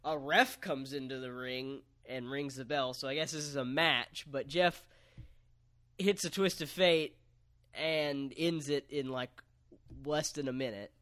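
A man co-hosting a podcast, recapping a story in relaxed casual chat with lots of fillers. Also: mid-range voice, measured pace, no echo. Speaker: podcast co-host.

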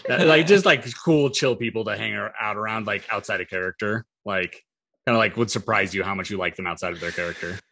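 A man talking casually on a wrestling podcast, stumbling through restarts and fillers. His voice is bright and forceful. The room sounds dry and close. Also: lowish voice, gravelly, husky, no room sound. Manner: halting, filler-heavy, profane. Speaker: podcast co-host.

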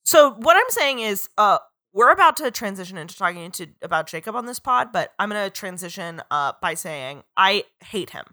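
A woman co-hosting a casual podcast, blunt and sarcastic with quick jokes. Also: medium pitch, big pitch swings, bright, forceful tone, dry recording, studio quality. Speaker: podcast co-host. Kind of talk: casual chat about books and films.

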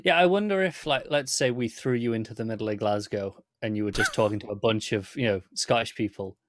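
A man's voice: fairly low pitch, fairly quick, no echo, studio quality. A man co-hosting a podcast, chatting casually and agreeing often. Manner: agreeable, frequent "yeah" backchannels. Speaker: podcast co-host. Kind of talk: casual chat.

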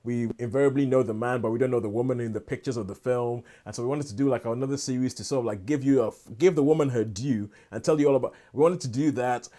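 A man's voice: mid-range voice, fast talker, hardly any pauses, dark tone. Rambling man on a podcast. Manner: rambling, with many restarts and asides. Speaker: podcast co-host. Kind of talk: casual chat.

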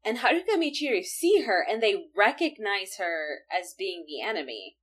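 A woman co-hosting a casual podcast, retelling an episode with animated play-acting of the characters' lines. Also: medium pitch, moderate pace, breathy edge. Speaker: podcast co-host. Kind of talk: casual chat recapping an anime.

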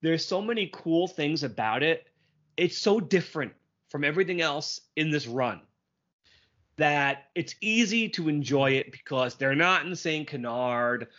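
A man co-hosting a cartoon podcast, recapping an episode with enthusiasm and quick quoted lines. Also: a little high, animated, fairly bright tone. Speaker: podcast co-host. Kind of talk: casual chat. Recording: dull lo-fi sound.

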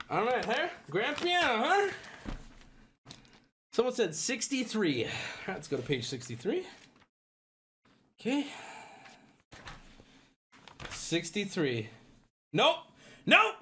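A man hosting a livestream, talking straight to his chat in a casual, animated way and swearing freely. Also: high-pitched, takes it slowly, pauses often, a little hiss or hum. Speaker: livestream host.

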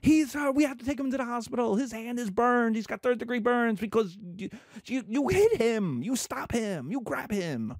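A man's voice: very high-pitched, lively intonation, normal speed, few pauses, no echo, studio quality, voice pushed up. A man playing an exasperated father who scolds his brother in an acted quote. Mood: scolding.

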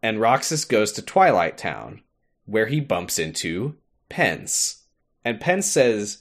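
A young man co-hosting a podcast, casually recapping a game's story with animated retelling and frequent laughter. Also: on the low side, slow. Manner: animated storytelling, laughs often, acts out lines. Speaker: podcast co-host. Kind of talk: casual chat recapping a game.

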